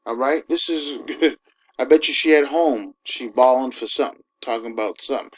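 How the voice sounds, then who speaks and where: A man giving an informal sermon, emphatic and conversational, who keeps asking his listeners "all right?" and slows down to read scripture. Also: mid-range voice, slightly rough, low-quality recording. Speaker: preacher.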